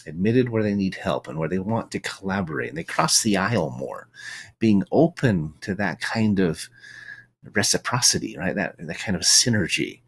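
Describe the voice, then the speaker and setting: A man's voice: low-pitched, sing-song, normal speed, gravelly, breathy edge. A middle-aged American man hosting a solo podcast monologue, reflective and storytelling, with frequent restarts and tag questions. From United States. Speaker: podcast host.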